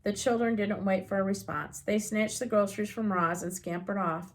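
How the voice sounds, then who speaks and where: A woman reading a children's novel aloud as an audiobook reader, unhurried and gently expressive. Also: medium pitch.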